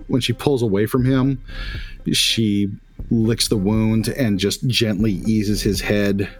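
Man, game master, lowish voice, loose filler-heavy narration, faint music behind. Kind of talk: narrating a tabletop role-playing game.

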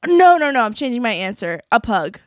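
A woman guest on a podcast, an actor and writer, chatting in an animated, emphatic way. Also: a little high, fairly quick, dry recording, studio quality. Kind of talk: casual chat.

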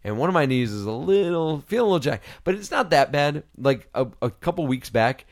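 A man hosting a casual chat, telling a story in a lively way and acting out what other people said, with the odd swear word. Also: fairly high pitch, fairly quick. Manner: animated storyteller, acts out quoted people. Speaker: podcast host.

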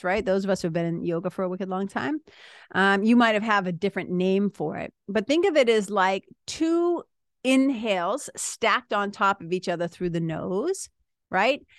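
A woman, a yoga and spiritual teacher talking casually, chatty and animated with frequent asides. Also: medium pitch, normal speed, no room sound, clean studio sound. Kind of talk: casual talk.

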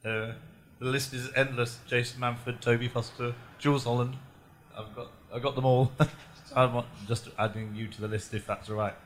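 A man's voice: mid-range voice, flat delivery, moderate pace. A man from the audience talking eagerly, with giggles through his speech. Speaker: audience member.

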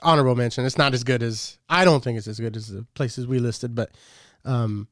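A man's voice: mid-range voice, fairly even intonation, a little fast, dry recording. Chill guy in his 30s cussing and laughing thru a casual podcast chat, dry close sound. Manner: laid-back, swears a lot, laughs often. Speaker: podcast co-host.

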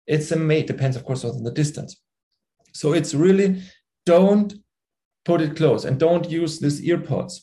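A man's voice: fairly high pitch, a little slow, warm tone. A middle-aged man with a German accent, a native German speaker, explaining his ideas earnestly as a podcast guest and sometimes searching for words. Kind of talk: conversational interview.

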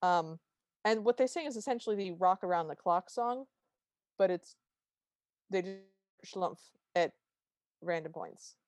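A woman's voice: fairly low pitch, animated, a little slow, pauses often, a little mellow, no echo. A woman co-hosting a podcast, casually retelling a TV special's plot and quoting its lines. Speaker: podcast co-host. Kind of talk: casual chat recapping a TV special.

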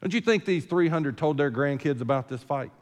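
A man's voice: a little high, animated, brisk, in a large hall. A man preaching a sermon as senior pastor, in a conversational, folksy way full of rhetorical questions, recorded in a church sanctuary.

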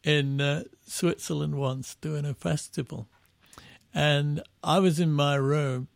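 Middle-aged English musician, gravelly, dry close sound, rambling raconteur. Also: male voice, fairly high pitch, steady tone, slow pace, no echo. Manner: rambling storyteller with restarts, laughing at his own stories. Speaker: band musician guest. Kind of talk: casual anecdotal chat.

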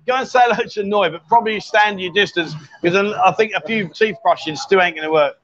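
A man's voice: high voice, brisk, fairly bright tone, slight background noise. A man hosting a casual livestream from a bar, teasing his guests with jokey banter. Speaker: livestream host. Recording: dull lo-fi livestream audio.

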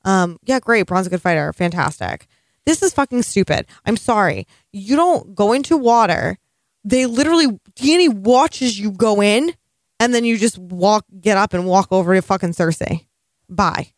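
A woman's voice: medium pitch, animated, moderate pace, dry recording, studio quality. A woman co-hosting a casual podcast, exasperated and sarcastic, swearing freely. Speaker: podcast co-host.

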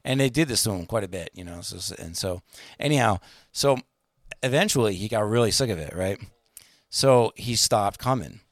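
A man's voice: fairly low pitch, lively intonation, normal speed, no room sound, studio quality. A man telling a long anecdote in casual chat, rambling with many fillers and restarts and acting out the people he quotes.

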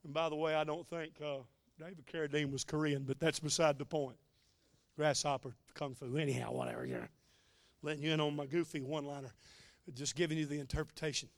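A man's voice: on the high side, fairly quick, no room sound. A man preaching a sermon, telling a story in a folksy, emotional way with joking asides. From United States.

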